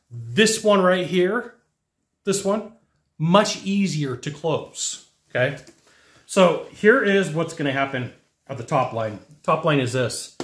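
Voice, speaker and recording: A man teaching technicians about sales in a lively monologue, acting out whiny customer voices along the way. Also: fairly high pitch, roomy sound. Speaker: sales trainer.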